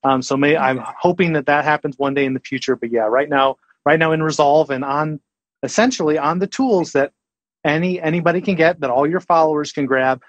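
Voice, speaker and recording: A man answering interview questions in a calm, measured way. He pauses often and restarts his sentences as he thinks. The recording is dry and close, with no room sound. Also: on the high side, no echo, muffled recording. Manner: measured, thoughtful, hesitant with ums and restarts. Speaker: guest, senior colorist. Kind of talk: casual interview chat.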